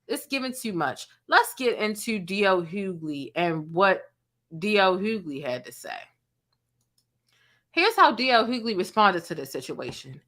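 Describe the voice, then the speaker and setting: Sassy bright-voiced woman commentator. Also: mid-range voice, very animated, measured pace. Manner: sassy, slangy, mimics people she quotes. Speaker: blogger and commentator. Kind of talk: commentary vlog.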